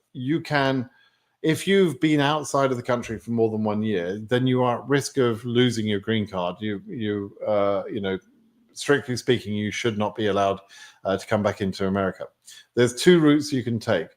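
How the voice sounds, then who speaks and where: A man's voice: mid-range voice, moderate pace. A man with an English accent answering viewer questions on a live stream, in a chatty way with many fillers. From England.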